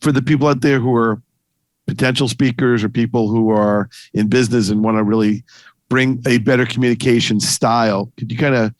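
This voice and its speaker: Man, interviewer, eager, stumbling restarts, mid pitch, dry close sound. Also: level tone, brisk, no echo. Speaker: interviewer, attorney. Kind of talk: interview questions.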